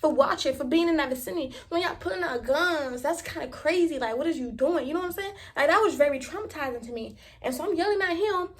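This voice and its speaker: A young woman from Miami, telling a story in a vlog in an animated, profane and emphatic way. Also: sits high, fast, hardly any pauses. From Miami, Florida. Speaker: vlogger.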